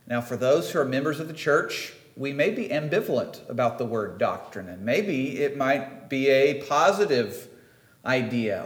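A man's voice: mid-range voice, expressive, measured pace. Man, preacher, conversational sermon, emphatic, questions to the congregation, echoey church room. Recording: roomy church echo.

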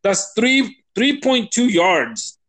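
A man's voice: high voice, sing-song, takes it slowly, fairly bright tone. A young man hosting a casual fantasy football podcast, profane and ranting, often laughing. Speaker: podcast host.

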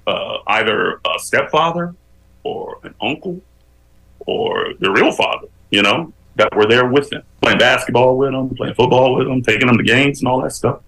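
A man, a guest on an interview show, telling his life story with animated, preacherly emphasis that climbs as he builds a point. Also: medium pitch, moderate pace, rough recording.

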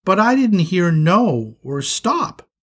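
A man voicing a tiny, excitable male skunk, the little brother, with a childlike high voice that breaks into wailing, in a storybook reading. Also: slow pace, breathy edge, full character voice. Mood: innocent.

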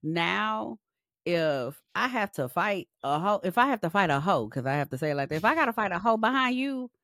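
Young woman podcast co-host, blunt and profane, lively delivery, lower pitch, dry close sound. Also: fairly quick, dry recording. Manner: blunt, animated, heavy profanity and slang. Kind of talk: casual podcast chat.

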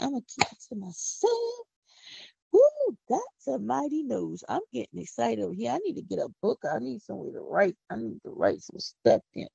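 A middle-aged woman from Philadelphia with a Philadelphia accent, hosting a casual, preachy podcast monologue with excited whoops. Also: a little high, moderate pace, gravelly, breathy edge, no echo. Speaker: podcast host. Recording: dull lo-fi audio.

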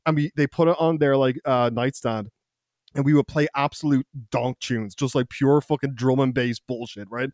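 A man's voice: mid-range voice, steady tone, moderate pace, darkish tone, dry recording, clean studio sound. A young man co-hosting a podcast, telling rowdy school stories in casual, profane chat, laughing often and quoting people in put-on voices. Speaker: podcast co-host. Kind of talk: casual storytelling.

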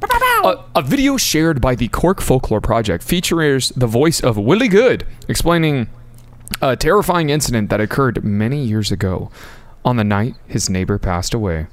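A man co-hosting a podcast, reading stories aloud with wry, deadpan asides. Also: mid-range voice, normal speed, dry recording. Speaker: podcast co-host.

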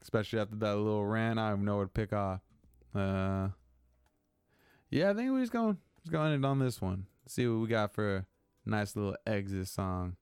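Young man, podcast host, casual rant, swears a lot, smooth clear voice, dry close sound. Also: on the low side, a little fast, darkish tone, dry recording. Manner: profane, rambling, venting.

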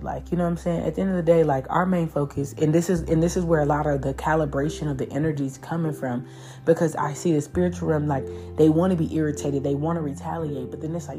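A woman with a low, mellow voice gives a loose, profane tarot reading. She talks in an animated way and keeps slipping into the voices of spirits. Soft music plays faintly behind her. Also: a little fast. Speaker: tarot reader.

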